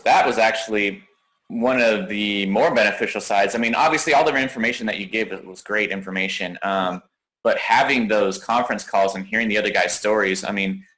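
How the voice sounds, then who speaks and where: Low, bright-voiced male client. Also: fairly quick, rough recording. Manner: rambling, with many restarts. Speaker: coaching client. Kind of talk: casual interview.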